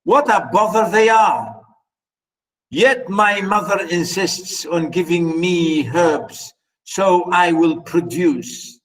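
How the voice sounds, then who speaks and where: A carefree young married woman dismisses the idea of having children. A man reads her lines, in a somewhat high and slow voice. She comes across as offhand. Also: animated, low-quality recording. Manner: read aloud with a lifted voice.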